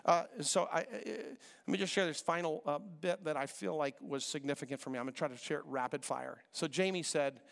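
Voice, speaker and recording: A middle-aged man preaches in a high, gravelly voice, telling his story in a quick, chatty way and acting out the dialogue. His voice rings through a reverberant church hall. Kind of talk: sermon storytelling.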